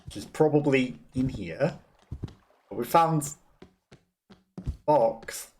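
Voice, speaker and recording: A man's voice: medium pitch, lively intonation, slow, a little mellow, a little hiss or hum. A man casually commentating on his gameplay as a let's play host, chatting freely and laughing often between remarks.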